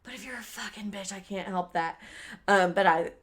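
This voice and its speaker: A woman co-host chatting casually on a podcast, telling a story with lots of swearing. She acts out what people said in a loud, lively voice. Her pitch sits in the middle. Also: moderate pace. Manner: animated, swearing, acts out quotes loudly.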